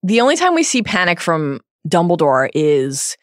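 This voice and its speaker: A woman's voice: fairly low pitch, big pitch swings, moderate pace, no echo, studio quality. A woman co-hosting a casual podcast, emphatic and enthusiastic, often laughing. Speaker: podcast co-host.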